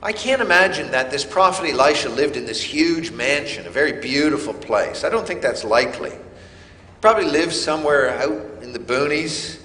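A man preaching a sermon, slow and emphatic with dramatic pauses. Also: a little high, lively intonation, sharp tone, reverberant, long reverb tail. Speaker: pastor.

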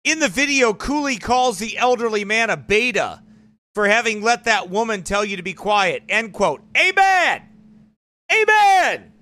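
A man's voice: high voice, normal speed, pushed and bright. A male pastor preaching in a combative, mocking, emphatic way. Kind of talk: fiery preaching broadcast.

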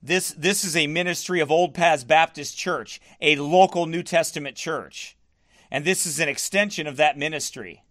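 Firm, bright-voiced man preaching. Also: on the high side, moderate pace. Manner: firm, defensive, repeats himself. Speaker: pastor. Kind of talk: livestream preaching and answering comments.

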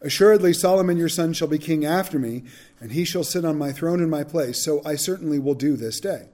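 A man's voice: a little high, fairly quick, mellow, natural voice. A man reading aloud the solemn oath of an aged king.

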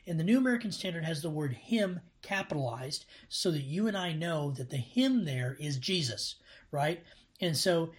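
A man's voice: fairly high pitch, lively intonation, moderate pace, breathy edge. A man giving a casual bible study commentary, earnest and rambling, with many restarts and fillers. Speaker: bible teacher. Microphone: laptop camera.

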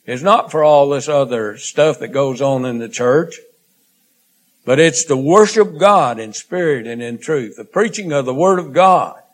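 A male preacher delivers his sermon at an unhurried, deliberate pace. He speaks earnestly, stretching out phrases and letting many line endings drop away softly. His voice sits at an ordinary pitch for a man. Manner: slow, earnest, with drawn-out phrases and trailing quiet endings.

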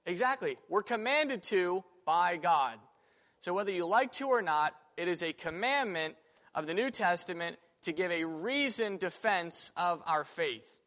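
A man's voice: high voice, lively intonation, measured pace, a bit bright. A man teaching a church Sunday school class in a casual, conversational way, thinking aloud with fillers and restarts. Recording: reverberant room.

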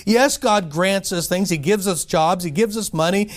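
Male pastor, high voice, emphatic sermon delivery with rhetorical questions and slow stressed scripture phrases. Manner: emphatic, asks and answers his own questions.

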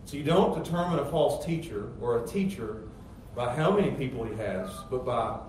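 A middle-aged pastor preaching a sermon with emphatic, rising rhetorical questions. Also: male voice, mid-range voice, lively intonation, moderate pace, a little mellow. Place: church sanctuary. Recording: very echoey church hall, distant mic, faint noise.

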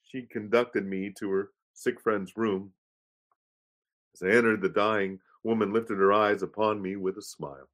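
A man reading aloud a pastor's first-person story in a measured, solemn way. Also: lowish voice, fairly even intonation, fairly bright tone. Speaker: reader of a pastor's memoir.

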